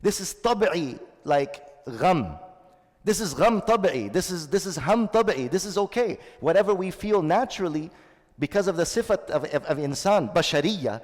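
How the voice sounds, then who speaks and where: A man's voice: high-pitched, lively intonation, normal speed. Man, shaykh, sermon, earnest, repeats points, Arabic recitation, long reverb. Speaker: shaykh giving a Ramadan talk.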